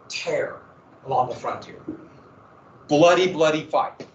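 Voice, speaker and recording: Man, history teacher, casual joking lecture, slightly high voice, distant muffled classroom recording. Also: moderate pace, fairly bright tone, reverberant, a little hiss or hum. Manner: casual, joking asides, dramatic emphasis.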